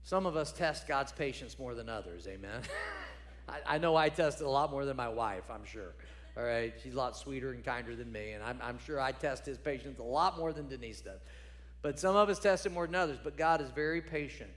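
A man's voice: medium pitch, fairly quick, in a large hall. A man preaching a sermon as a pastor, conversational and emphatic, repeating phrases for stress.

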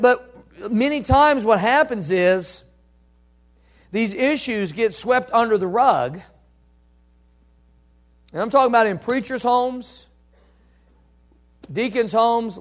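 Earnest high-voiced preacher man. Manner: earnest, repetitive, many restarts and fillers. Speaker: pastor. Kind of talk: sermon.

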